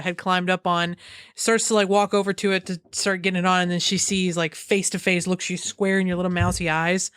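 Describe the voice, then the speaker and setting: Woman, game master, lively narration, high squealing side voices, dry close sound. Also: smooth, no room sound.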